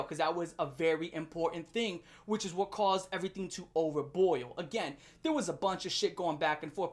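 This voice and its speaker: Lively young woman ranting. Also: medium pitch. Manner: animated, profane, laughing often. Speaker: commentary channel host. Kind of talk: ranting commentary.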